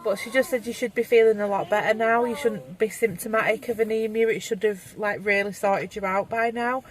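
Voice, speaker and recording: A woman's voice: mid-range voice, a little fast. A pregnant woman, talking through her day in a chatty, rambling, frank way to her viewers. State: pregnant, tires easily. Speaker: vlogger. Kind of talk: casual vlog chat to camera.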